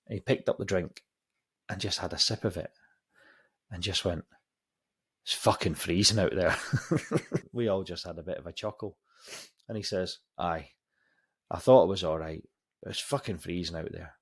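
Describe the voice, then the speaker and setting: A podcast host tells a long story in a loose, rambling way. His voice is low and husky, and he swears freely, often stopping to restart a sentence. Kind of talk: casual storytelling.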